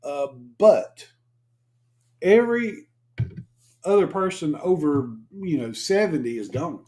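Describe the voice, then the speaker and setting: Joking Southern man with an animated voice. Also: on the high side, slow pace. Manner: joking, teasing, drawling Southern talk. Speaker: co-host of a livestream. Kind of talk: casual chat.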